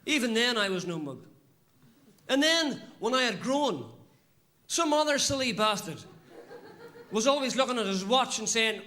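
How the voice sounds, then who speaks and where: A man with an Irish accent reciting a comic poem on stage in a deadpan way. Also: high voice, normal speed, a little hiss or hum. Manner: deadpan recital building to sweary outbursts. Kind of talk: stand-up poetry recital.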